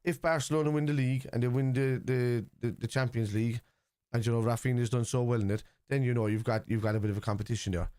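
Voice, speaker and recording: An Irish man talks loosely and bluntly on a live stream, tossing out strong opinions and swearing freely. His voice sits at an ordinary middle pitch. The sound is close and dry, with hardly any room around it. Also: steady tone, fast, hardly any pauses, a little mellow, clean tone, dry recording. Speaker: livestream host reacting to a football match. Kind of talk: casual live watchalong chat, reading out viewer messages.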